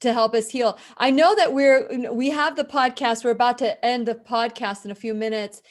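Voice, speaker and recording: A woman's voice: on the high side, steady tone, normal speed. A woman hosting a radio interview, affirming her guest with brief interjections. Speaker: radio show host.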